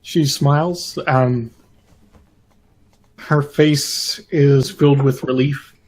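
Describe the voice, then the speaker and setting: Guy playing a tabletop rpg, talks slow and flat, lots of ums. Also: mid-range voice, low-quality recording. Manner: slow, deliberate, hesitant. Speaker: player. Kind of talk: describing his character's actions in a tabletop game.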